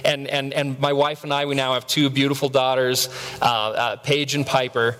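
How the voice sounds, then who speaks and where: A man's voice: medium pitch, fairly even intonation, moderate pace, a bit bright. A man in his thirties preaching a sermon, telling stories with self-mocking humor and stammered repeats. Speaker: pastor. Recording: long reverb of a large hall.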